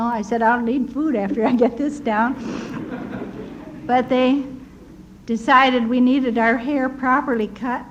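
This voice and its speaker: An older American woman earnestly recounting personal wartime memories in a tender, animated storytelling manner, with a slightly dull recording and faint hiss. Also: on the high side. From United States. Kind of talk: personal testimony.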